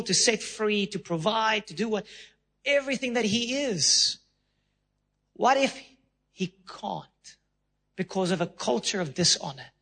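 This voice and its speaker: A man's voice: high voice, pushed and bright. A South African man preaching a sermon as a pastor in a church, emphatic, acting out little voices and laughing.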